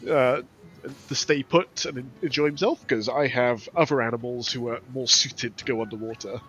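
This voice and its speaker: Sick male player, husky and dull. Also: mid-range voice, steady tone, moderate pace, a bit bright. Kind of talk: tabletop play.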